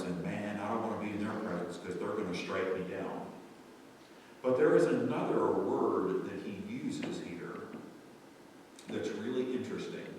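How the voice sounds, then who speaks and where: A male pastor preaching a sermon in a church, shifting from quiet storytelling to loud, excited preaching. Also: fairly low pitch, heavy reverb, long reverb tail, recorded from a distance, slight background noise, poor audio. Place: church sanctuary.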